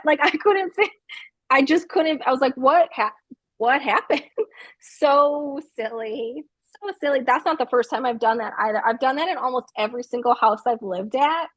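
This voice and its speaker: A woman in her thirties with a fairly high voice, chatting as an interview guest over a video call. She laughs often and tells animated, self-deprecating stories. The sound is dry and close. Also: no echo. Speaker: guest author. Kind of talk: casual interview chat.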